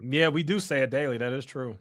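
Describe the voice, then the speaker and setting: A man's voice: medium pitch, brisk, dry recording, clean studio sound. A man from the United States hosting a casual livestream, reading the chat aloud and teasing and mocking a viewer. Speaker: livestream host.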